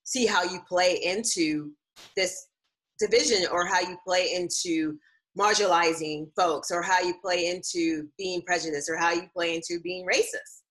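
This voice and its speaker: A woman's voice: lowish voice, fairly even intonation, moderate pace, fairly bright tone, poor audio. A woman co-hosting a casual live-streamed chat, talking earnestly with many fillers and restarts. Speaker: co-host.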